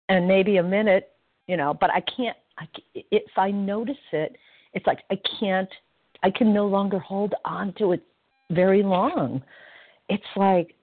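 A woman sharing reflectively at a recovery phone meeting, halting and self-mocking at times. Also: medium pitch, lively intonation, dry recording. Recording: dry tinny phone line.

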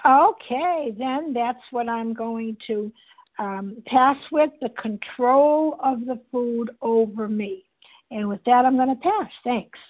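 A woman with a somewhat high, husky voice speaks slowly and reflectively. She often pauses to find her words, and the sound is thin, as if it came over a phone line. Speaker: meeting member sharing. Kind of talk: personal recovery share. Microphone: phone call.

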